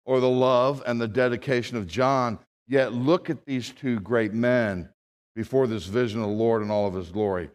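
A man preaching a sermon as a pastor, with dramatic swings from hushed, low reading to loud, raised proclamation. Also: normal speed. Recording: long hall reverb.

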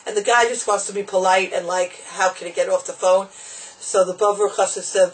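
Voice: mid-range voice, fairly even intonation, moderate pace, rough recording. A teacher giving an informal Torah lesson, chatty and digressive, mixing in Hebrew and Yiddish terms.

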